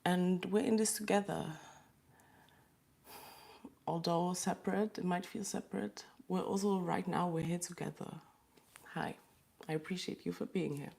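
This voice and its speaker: Low gravelly-voiced woman, soft and halting. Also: steady tone. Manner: soft, halting, many pauses and sighs. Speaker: livestream host. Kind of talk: emotional live chat. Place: small room with windows closed.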